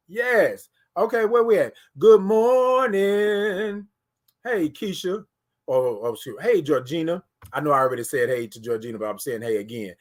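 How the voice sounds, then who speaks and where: A man hosting a casual morning livestream, greeting viewers and reading their comments aloud in an animated way. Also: mid-range voice, fairly quick. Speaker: livestream host.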